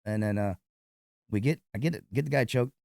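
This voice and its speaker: Fast-talking man telling bar stories. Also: lowish voice, gravelly, dry recording, studio quality. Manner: profane, animated retelling of a fight. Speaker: nightclub bouncer. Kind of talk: storytelling in an interview.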